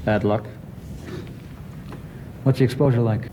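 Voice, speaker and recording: A weary career thief, played by a male actor talks in a dry, matter-of-fact way at a middle pitch. The film audio has a clear layer of noise under it. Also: steady tone, unhurried, warm tone, natural voice, poor audio. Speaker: professional robber. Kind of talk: film dialogue.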